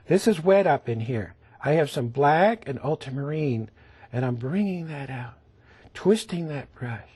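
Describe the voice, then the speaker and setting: Soft-spoken, slow painting teacher, husky. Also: male voice, on the high side. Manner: gentle, often dropping to a whisper while demonstrating strokes; coaxing, keeps asking the viewer to look. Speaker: painting instructor. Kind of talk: televised painting lesson.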